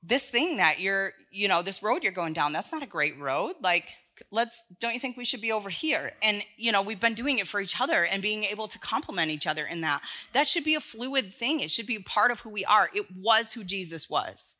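A woman's voice: mid-range voice, expressive, a little fast, pushed and bright. A woman preaching an earnest, conversational sermon to a congregation, often restarting her phrases. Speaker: speaker in a church sermon series.

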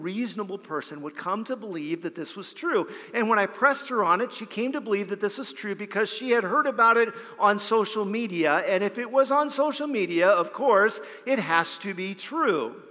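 A man's voice: high-pitched, pushed and bright. A man, a pastor, preaching a sermon and telling a story, often repeating a word as he starts a phrase. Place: church sanctuary. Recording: long hall reverb.

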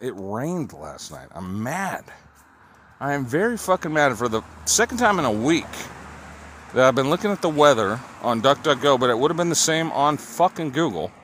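A man in a mid-range, fairly bright voice talks briskly with big swings in pitch as he walks city streets outdoors. His vlog monologue rambles, then turns into an angry rant full of swearing, with faint street noise in the background.

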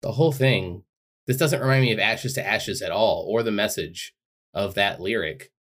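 A man with a fairly low voice co-hosts a casual podcast. He talks to listeners in a blunt, exasperated way and swears a lot. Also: normal speed, a bit bright. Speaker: podcast co-host. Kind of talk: casual chat about song lyrics.

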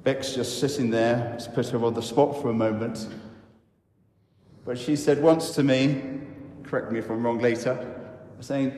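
A man who is a vicar, giving a sermon in a church and telling the story slowly with reflective pauses. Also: medium pitch, steady tone, dark tone. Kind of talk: sermon talk. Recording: echoey church hall.

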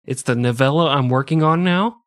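A man hosting a podcast, telling a history story casually, with sarcastic, profane, deadpan jokes. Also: fairly high pitch, a little fast, no room sound, clean studio sound. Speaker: podcast host.

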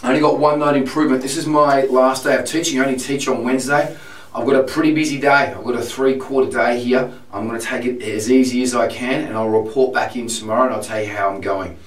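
A man with laryngitis, a singing teacher talking through his vocal warm-ups with a husky, strained voice. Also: steady tone, fast talker. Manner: talks through exercises, testing falsetto with sung sirens. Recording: echoey room, far from mic, loud piano.

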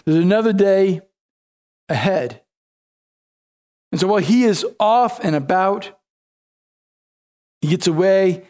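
A man's voice: sits high, a little mellow. A male pastor preaching a sermon, retelling scripture in casual, everyday storytelling speech.

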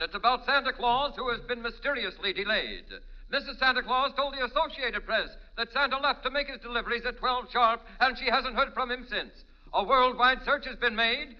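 An actor playing a brisk radio newsreader delivering a special bulletin with crisp announcer delivery. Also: male voice, very high-pitched. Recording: dull old radio broadcast.

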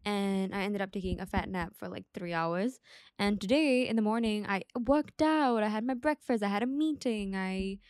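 A young woman hosts her solo podcast, talking in a loose, rambling way full of fillers and asides. Her voice sits at an ordinary middle pitch. It is recorded close and dry, with no room sound. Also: normal speed, darkish tone, clear, resonant tone, no echo. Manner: chatty, rambling, lots of "like" and asides. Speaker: podcast host. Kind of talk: casual solo podcast chat.

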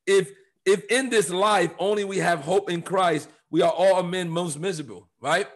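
Male co-host, emphatic preacher, animated, sits a little high in pitch. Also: moderate pace. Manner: emphatic, animated, quotes scripture with rising fervor. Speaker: co-host of a church podcast. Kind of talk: preaching conversational Bible talk.

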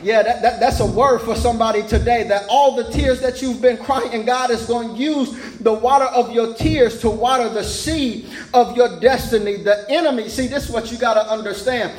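A man's voice: extremely high pitch, normal speed, darkish tone, roomy sound, low-quality recording. A man preaching a sermon as pastor, repeating words in a rising, stammering preaching cadence.

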